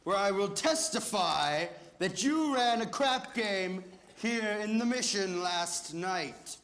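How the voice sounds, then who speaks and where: A man's voice: high-pitched, lively intonation, slow, fairly bright tone, full character voice. A teenage boy on a school stage, playing a stern, sardonic male police officer. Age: teens. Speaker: high school stage actor. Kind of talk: live musical theatre dialogue.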